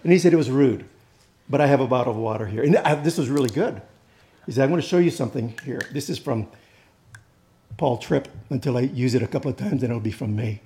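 A man's voice: mid-range voice, fast, dark tone, slight background noise. A man preaching a sermon as pastor, conversational and joking with the congregation, rising and pressing when he drives a point home. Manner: conversational preaching with humor and audience asides.

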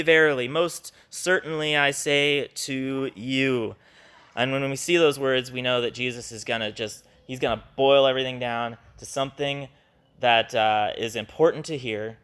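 A man leading a Bible study, explaining a passage in an earnest, conversational way and acting out the quotes he reads. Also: medium pitch. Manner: earnest, animated when quoting scripture.

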